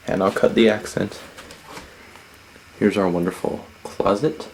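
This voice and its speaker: A man's voice: lowish voice, steady tone, measured pace, vocal fry, pauses often. A man giving a rambling house tour with wry asides, recorded on a 1990s camcorder at home. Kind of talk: casual handheld house tour. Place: family house, indoors and garden. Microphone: camcorder built-in mic. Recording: noisy 1990s camcorder audio.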